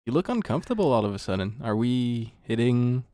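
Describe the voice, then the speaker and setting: A man's voice: medium pitch, sing-song, brisk, dark tone. A man playing an online tabletop game, tossing in short teasing quips during casual chat over a computer mic. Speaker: player.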